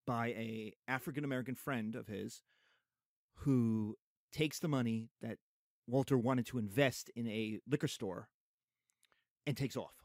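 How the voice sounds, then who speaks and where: A man lecturing on a play, explaining scenes in an animated, conversational way. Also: mid-range voice, a little slow, pauses often, no echo, clean studio sound. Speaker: teacher. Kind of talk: literature lecture.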